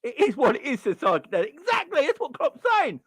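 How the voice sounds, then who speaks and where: A man's voice: very high voice, huge pitch swings, a little fast, fairly bright tone, husky, dry recording. A man hosting a football fan channel, ranting in frustration and firing off repeated rhetorical questions. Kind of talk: fan reaction rant.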